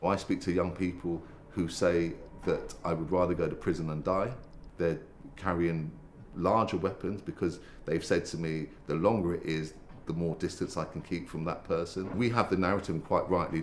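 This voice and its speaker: A man's voice: low-pitched, fairly even intonation, moderate pace, a little hiss or hum. A man who works with young people, explaining earnestly in a documentary interview. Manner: earnest, explanatory, some fillers.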